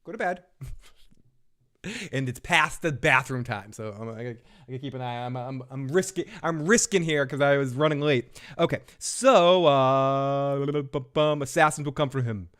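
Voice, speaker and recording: A man's voice: mid-range voice, moderate pace, a bit bright, smooth. A man hosting a casual live recap show from home, rambling and joking with frequent chuckles. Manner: jokey, rambling, chuckles often. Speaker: host.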